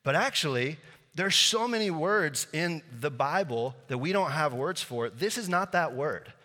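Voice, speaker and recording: A man preaching a sermon, conversational and joking, lively with his congregation. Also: on the high side, measured pace. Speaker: pastor. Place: church sanctuary. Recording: reverberant church hall.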